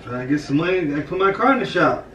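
Slangy guy vlogging at home, kinda high voice, bounces all over, talks to the camera like family. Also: animated, quick pace, a bit bright, slight background noise. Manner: slangy, chatty, addresses viewers as fam. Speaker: prank vlogger, husband. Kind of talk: casual vlog talk to camera. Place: home kitchen, indoors. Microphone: camera set on top of refrigerator.

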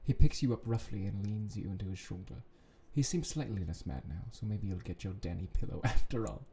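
A man reading a fan fiction story aloud who breaks into excitable yelling and groaning reactions. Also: deep voice, brisk. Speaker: story reader.

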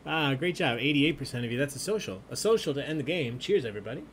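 Hosting a live-streamed online trivia game, a man reads out questions and answers in a jokey, chatty style. His voice is medium in pitch, animated and fast, with slight background noise.

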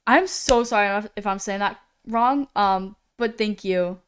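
A woman's voice: mid-range voice, unhurried, slight background noise. A woman streaming live, chatting casually as she reads viewers' messages aloud, often stumbling over names and apologizing.

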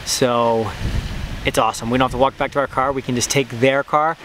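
A man's voice: mid-range voice, fairly even intonation, a little fast, a bit bright, a little hiss or hum. A young man talking to a handheld camera outdoors on a hiking trail, upbeat and joking. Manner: upbeat, joking, laughs a lot. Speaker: vlogger. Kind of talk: casual hiking vlog.

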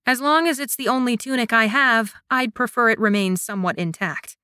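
A stubborn young woman warrior in an audiobook romance, read by a woman narrator. Her retorts come sharp and skeptical, in a bright voice with a dry, close sound. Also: a little high, a little fast, clean tone, dry recording. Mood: sour.

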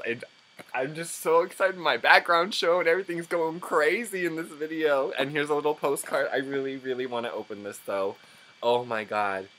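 A man's voice: medium pitch, a little hiss or hum. A young man hosts an unboxing vlog in a bubbly, gushing way. He keeps chatting straight to his viewers, his mid-range voice jumping into squeals and gasps of delight. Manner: gushing and excitable, squealing and gasping often. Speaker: channel host.

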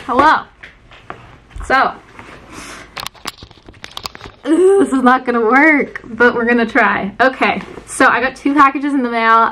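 A young woman chatting casually in a book vlog, excitable and full of fillers. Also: on the high side, slow pace, long pauses, a little hiss or hum. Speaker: book vlogger.

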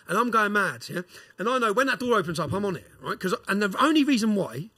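A man tells a rough story on a podcast, animated and quick. His voice sits high and sounds husky, with a bright edge. He swears and uses slang. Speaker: podcast guest. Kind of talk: casual storytelling.

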